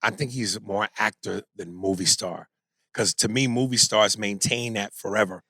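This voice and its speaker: A man co-hosting a podcast in casual chat, talking in an animated, emphatic and profane way. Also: lowish voice, moderate pace, no echo, studio quality. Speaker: podcast co-host.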